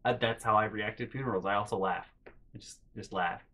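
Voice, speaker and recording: A young man telling comedic personal stories in a rambling, animated way, with loud acted-out outbursts. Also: fairly low pitch, fairly quick. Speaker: storytelling vlogger.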